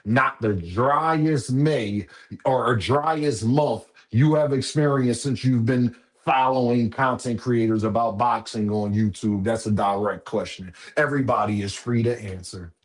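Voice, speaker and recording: A man's voice: medium pitch, measured pace. A man hosting a casual boxing live stream, talking straight to his viewers in a preachy, repetitive, profane way.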